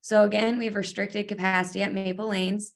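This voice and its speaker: A woman giving schedule details in a webinar, steady in delivery and slightly losing her voice. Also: mid-range voice, fairly quick, vocal fry. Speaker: athletic association staff. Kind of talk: informational webinar briefing. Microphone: video call.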